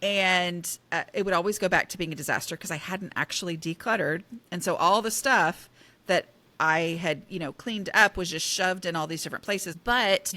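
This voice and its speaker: A woman talking casually in an interview, with a bright, forward voice. She speaks animatedly and pokes fun at herself, leaning hard on the words she wants to land. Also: lowish voice, normal speed. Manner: animated, self-deprecating, emphatic. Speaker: guest author on decluttering.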